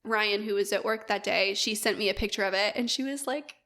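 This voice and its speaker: A woman's voice: mid-range voice, flat delivery, brisk, sharp tone. A woman co-hosting a podcast, telling a story in a bubbly, gushing casual way. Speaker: podcast co-host. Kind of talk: casual chat.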